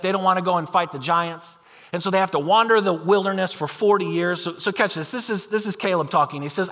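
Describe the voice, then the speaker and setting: Male preacher with a high, bright voice, lively and chatty delivery, long hall reverb. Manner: animated, conversational, acts out imagined voices. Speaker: pastor. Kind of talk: sermon.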